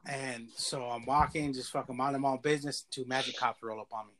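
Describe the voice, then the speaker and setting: A man's voice: medium pitch, a little fast, slight background noise. Profane man telling a street story. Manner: profane, animated street slang. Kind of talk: casual storytelling.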